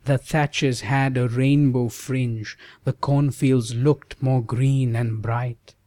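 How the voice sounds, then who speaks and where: A man narrating a verse ballad audiobook in a measured, rhythmic reading. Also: mid-range voice, steady tone, mellow, no echo.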